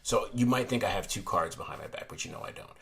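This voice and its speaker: A man with a fairly low voice walks through a card trick in a relaxed, rambling vlog. He often stops and restarts his sentences, as if thinking aloud while his hands work. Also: quick pace, gravelly. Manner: rambling, self-correcting, chatty. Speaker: playing card reviewer. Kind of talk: casual tutorial vlog. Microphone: desk camera looking down on hands.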